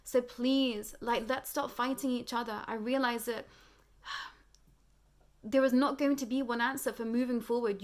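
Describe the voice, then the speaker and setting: A woman close to tears, speaking earnestly and slowly about a spiritual awakening as host of her channel. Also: fairly high pitch. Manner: tearful, earnest, slow heartfelt pauses. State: close to crying. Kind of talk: emotional spiritual monologue.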